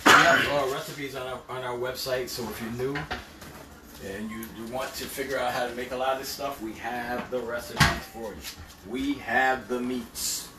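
A man co-hosting a cooking livestream, explaining steps in a relaxed way with frequent ums. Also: mid-range voice, fairly quick, recorded from a distance. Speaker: cooking show co-host. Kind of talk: casual cooking livestream chat. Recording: echoey kitchen with background noise.

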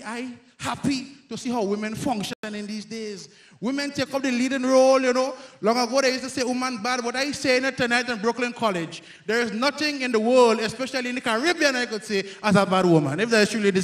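A man from Grenada with a Grenadian accent, performing a loud, self-mocking stand-up comedy set on stage. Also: very high voice, brisk. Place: live comedy stage before an audience.

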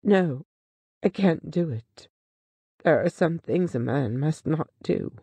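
Brief: reader doing a solemn, kindly businessman from an old story read aloud, slow and mellow. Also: medium pitch, lively intonation, breathy edge, no echo, exaggerated voice. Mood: solemn sorrow. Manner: solemn, sorrowful. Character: loyal, kindly businessman, grave partner.

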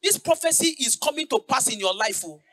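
A woman pastor, preaching a fervent sermon that slips into sung lines and shouted declarations. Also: high voice, animated, a little fast, soft background music.

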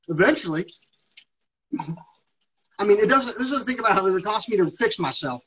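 A man's voice: sits high, lively intonation, normal speed, a bit bright, slight background noise, rough recording. A man talking on a live stream in an agitated, rambling monologue, swearing heavily. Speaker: livestreamer.

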